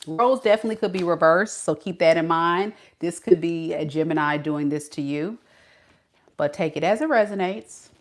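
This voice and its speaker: A woman's voice: on the low side, normal speed. A woman reading tarot cards for her audience. She is sassy and playful, and she drops slang as she talks straight to the listener. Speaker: tarot reader.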